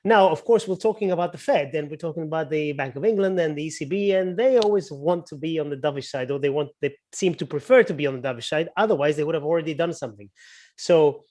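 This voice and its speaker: A man's voice: fairly high pitch, fast, a little mellow. Opinionated man arguing market views. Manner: opinionated, builds an argument. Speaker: guest analyst. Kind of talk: market commentary on a webinar.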